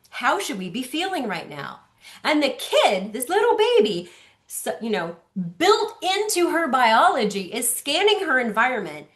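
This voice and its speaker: A woman speaker teaching parents in a lunch-and-learn session. She tells stories with animated energy and slips into playful voices to act them out. Her voice sits a little high. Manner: animated storytelling with acted-out voices.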